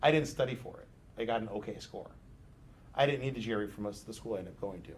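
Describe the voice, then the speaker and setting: A man's voice: fairly low pitch, quick pace, slight background noise. A man teaching a psychology class, talking loosely and conversationally and hedging with frequent fillers. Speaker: psychology instructor. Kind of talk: casual classroom discussion.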